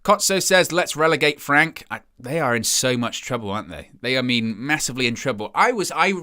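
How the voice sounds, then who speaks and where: Medium-pitched, animated and brisk with a sharp edge, a young man runs a casual live-stream watchalong of a match. He reads chat comments aloud in a rambling, self-mocking way, often starting over and dropping "you know."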